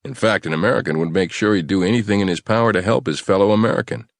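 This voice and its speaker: A man voicing a calm male soldier who coaxes a captive as the good cop. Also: on the low side, fast talker, gravelly, dry recording, clean studio sound, voice pushed up. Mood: coaxing. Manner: calm, coaxing, persuasive.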